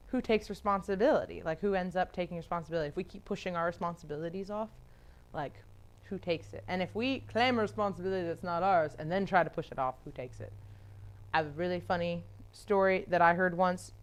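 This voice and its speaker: A woman with a fairly low, fairly bright voice leads a casual Bible study. She chats freely, laughs often, leans heavily on "like," and acts out the people she quotes.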